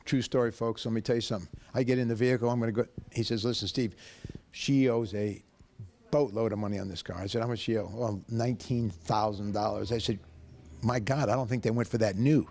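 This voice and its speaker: A man pitching his car dealership, telling a story in an emphatic, folksy way. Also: fairly even intonation, quick pace, darkish tone. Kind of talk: animated sales pitch and storytelling.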